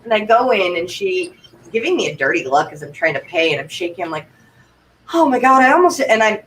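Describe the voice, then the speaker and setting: A woman from Vermont, a livestream guest, telling rambling stories in a chatty, animated way. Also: lowish voice, fairly quick. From Vermont, United States. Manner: chatty, rambling, breathless anecdotes with quoted asides. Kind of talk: casual chat, animated storytelling. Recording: distant mic, faint background noise.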